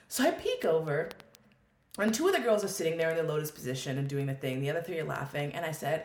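Brief: woman guest, lowish voice, animated candid storytelling, swears freely, roomy echo. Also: quick pace. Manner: expressive, swears freely, acts out quoted thoughts. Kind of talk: candid storytelling in a podcast conversation.

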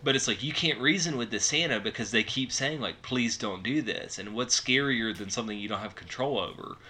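This podcast co-host has a mid-range, bright voice, talking a bit quickly with expressive, forceful delivery. His casual horror-film chat wanders and is packed with fillers.

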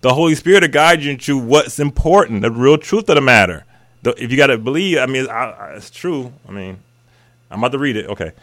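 Excitable preaching man, bright forceful voice. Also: medium pitch, a little fast. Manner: excitable, exclaims hallelujah, talks back to the text; casual and colloquial, drops into vernacular. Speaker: radio host teaching the Bible. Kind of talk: preaching Bible study on radio.

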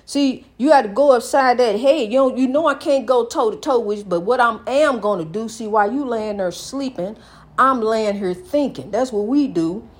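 A middle-aged woman holds forth in a preachy, emphatic monologue. Her voice sits fairly high and has a husky, breathy texture. She keeps calling the listener honey. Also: moderate pace. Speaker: speaker giving life advice. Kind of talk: inspirational monologue.

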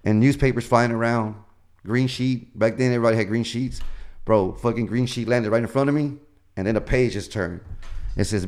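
A man's voice: fairly low pitch, fairly quick. A male comedian being interviewed, telling long profane stories in a casual, rambling way. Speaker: comedian guest.

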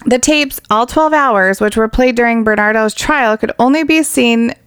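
A woman's voice: a little high, moderate pace, a bit bright, smooth, dry recording, studio quality. A woman co-hosting a casual true crime podcast, blunt and indignant, swearing often as she reads out case details. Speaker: podcast co-host.

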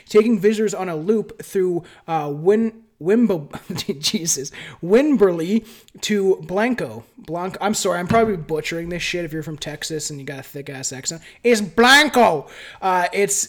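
A man's voice: high voice, brisk, hardly any pauses. A Canadian man hosting a casual podcast at a friend's home, swearing freely and laughing as he reads his notes. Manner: casual and profane, laughs while reading notes. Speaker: podcast host. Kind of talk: casual podcast chat with scripted reading. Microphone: different home mic setup.

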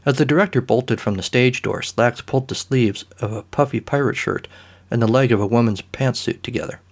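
A male narrator reading a comic story in a dry, deadpan way, his voice sitting at a middling pitch. The delivery stays scripted and even. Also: brisk, creaky, breathy edge.

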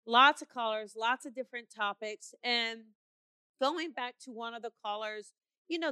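A middle-aged woman hosts a call-in show as a psychic medium, passing on reassuring messages to callers. Her voice is bright and crisp, a little higher than most. The sound is dry and close. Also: no room sound. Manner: warm, reassuring, calls callers honey. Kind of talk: call-in radio show reading.

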